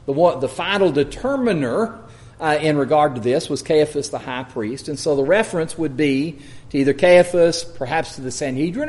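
Male preacher giving a verse-by-verse sermon, slightly raised pitch, deliberate delivery. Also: a little mellow. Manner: measured, deliberate, with slowed emphasis on quoted scripture. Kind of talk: expository Bible sermon.

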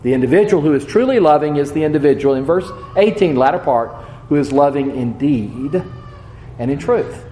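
A man preaching a Bible lesson in a roomy, echoing space, his voice sitting a little high for a man. He talks in an earnest, measured way, leaning slowly on key words and letting his points fall quiet at their ends. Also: expressive, a little hiss or hum. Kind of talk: sermon.

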